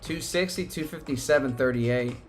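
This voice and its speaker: A man hosting a live stock market stream, talking excitably and with plenty of profanity, swinging between cheering and panic as prices move. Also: medium pitch, normal speed, soft background music. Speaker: stock market livestream host.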